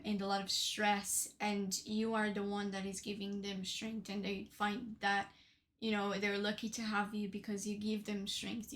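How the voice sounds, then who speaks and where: Slow, chatty woman showing tarot decks. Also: mid-range voice. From Portugal. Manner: chatty, many fillers and "right?". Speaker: tarot deck reviewer. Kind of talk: casual deck showcase.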